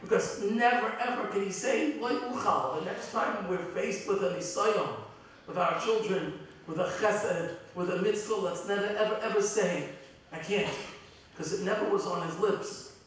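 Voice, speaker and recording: A middle-aged man, a rabbi, giving a heartfelt, halting eulogy with many restarts. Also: sits high, a little hiss or hum. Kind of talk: eulogy at a memorial gathering. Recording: very echoey hall from far off.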